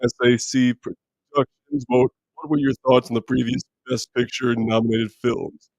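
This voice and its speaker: On a live movie stream, a man with a naturally deep but mid-range voice answers viewer comments in a relaxed, meandering way, full of fillers and restarts. He speaks at a moderate pace with a creaky quality, and his streaming mic captures dry, close sound with no room echo.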